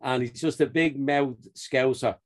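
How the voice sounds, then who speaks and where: A man in casual banter with his mates, mid-pitched and relaxed. He spins animated sports yarns, laughs between lines and slips into voices when he quotes people. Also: a little slow. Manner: animated storyteller, laughs often, acts out quotes. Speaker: podcast co-host. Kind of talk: casual banter among friends.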